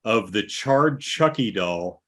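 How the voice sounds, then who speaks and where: A man's voice: fairly low pitch, lively intonation, slow pace, fairly bright tone. A man co-hosting a casual movie talk show, recapping the plot with wry, dry asides. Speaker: podcast co-host.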